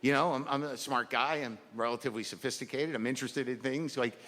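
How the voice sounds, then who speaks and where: A man's voice: medium pitch, fairly even intonation, quick pace, fairly bright tone. A middle-aged man doing a rambling, self-deprecating stand-up set before a live audience. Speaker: stand-up comedian. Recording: live hall recording with reverb and crowd noise.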